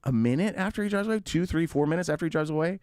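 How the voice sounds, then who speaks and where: A man hosting a radio talk show, telling a long story in a casual, animated way, swearing freely and acting out both sides of the conversation. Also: on the high side, rapid-fire, no echo, clean studio sound. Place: studio.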